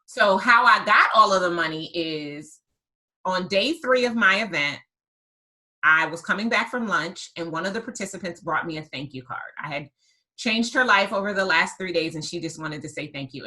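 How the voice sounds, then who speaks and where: A woman hosting a podcast and telling a story in a lively conversational way, stressing her points by repeating words. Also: lowish voice, fairly quick, poor audio. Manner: emphatic, repeats words for effect. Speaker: podcast host and business coach.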